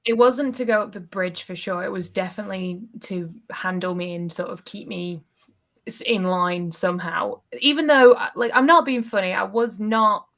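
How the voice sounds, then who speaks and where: A woman's voice: mid-range voice, moderate pace. British woman telling her story. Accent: British English. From England. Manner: animated storyteller, acts out quotes. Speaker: interview guest. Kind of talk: casual storytelling in an interview.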